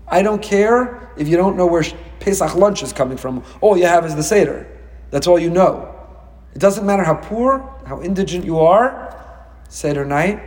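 A rabbi preaches a Torah lecture in a fairly high, lively voice. He acts out dialogue, jumping up in pitch for emphasis. His voice rings with a long reverb, as if in a large hall.

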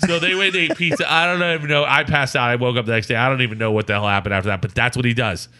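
A man's voice: medium pitch, rapid-fire. A man co-hosting a podcast, telling a rowdy road story in casual chat and acting out the people in it. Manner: animated storyteller, acts out voices of people in his story. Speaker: podcast co-host.

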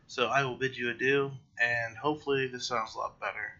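A tired young man talks through his week on his own podcast, rambling and correcting himself. His voice is gravelly but bright and sharp. The recording is dull and lo-fi. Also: mid-range voice, brisk. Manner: rambling, self-correcting, yawning late at night. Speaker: podcast host. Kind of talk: casual solo monologue.

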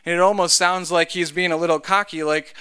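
Man pastor, smooth resonant voice pitched a little high, chatty sermon delivery. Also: fairly even intonation, a little fast, pushed and bright. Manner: conversational, joking asides.

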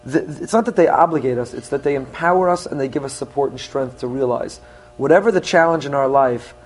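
A man's voice: mid-range voice, quick pace, husky. A middle-aged man who is a rabbi, giving an earnest teaching sermon and mixing Hebrew phrases into his English. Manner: earnest teaching, with rising emphasis on key points.

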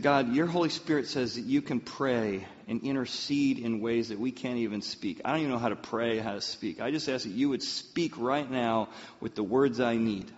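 A man preaching a sermon, telling a personal story in an animated way. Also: medium pitch. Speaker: pastor. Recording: muffled sound in a reverberant hall.

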